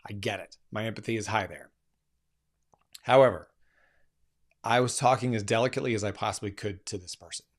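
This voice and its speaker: A man's voice: fairly low pitch, fairly quick, pauses often. Earnest man telling a live story. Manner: earnest, emphatic, frequent restarts. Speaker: keynote speaker and executive coach.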